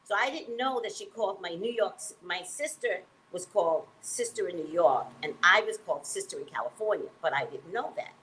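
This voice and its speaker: A woman who works as a psychic reader, telling a personal story in an emphatic, animated way and acting out the dialogue. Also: mid-range voice, a little fast, few pauses, slight background noise, rough recording.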